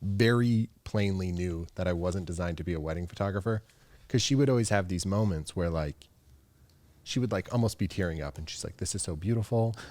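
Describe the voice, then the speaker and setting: A low-voiced man chats casually as a guest on a podcast, easygoing and prone to laughing as he acts out what people said. His voice sits close and dry on the mic. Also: fairly quick, a little mellow, dry recording. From United States. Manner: chatty, laughs often, acts out quotes. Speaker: guest photographer.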